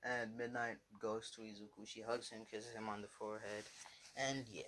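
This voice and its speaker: A man's voice: lowish voice, little pitch movement, moderate pace, fairly bright tone. A man casually retelling a fan story, rambling with many fillers and swearing.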